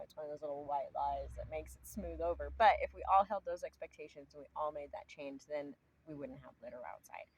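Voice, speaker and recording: A woman with a low voice talks to her viewers about energy and everyday choices. Her speech is earnest and loose, full of fillers and restarts, with faint background noise from outdoors. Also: poor audio. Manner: earnest, rambling, many fillers. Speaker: astrology channel host. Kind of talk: casual spiritual talk to camera.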